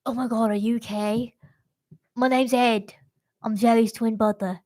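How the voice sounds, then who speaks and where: A woman voicing a young man who poses as his own twin brother, speaking in a put-on accent and pleading in hushed asides. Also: a little high, fairly even intonation, moderate pace, close to an everyday voice.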